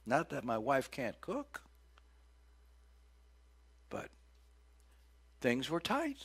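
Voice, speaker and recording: Man, middle-aged, pastor, sermon, folksy jokes, mid pitch, loud swings. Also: huge pitch swings, very slow, husky. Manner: folksy, tells homespun jokes, big loud swings for quoted cries.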